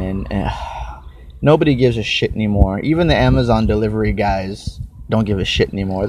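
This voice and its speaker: Over some background noise, a young man with a lowish voice hosts a casual one-man podcast. He rambles, curses plenty, and keeps snacking and chewing while speaking.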